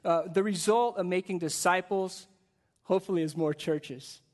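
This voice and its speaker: A man delivers a sermon at a church service, and his voice sits a little high for a man. He speaks with energy and a chatty, conversational pull, often repeating words as he builds his point. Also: moderate pace. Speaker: guest pastor.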